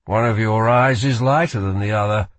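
A man's voice: lowish voice, moderate pace, no echo, lightly acted. A man voicing a young male magician in an audiobook, matter-of-fact and urgent. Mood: earnest. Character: bound young male magician, earnest and strained. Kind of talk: audiobook character voice.

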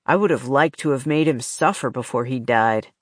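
A woman reading an audiobook, voicing a gruff man in a cave with a lower, rough-edged delivery. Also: normal speed, dry recording, studio quality. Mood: gloating.

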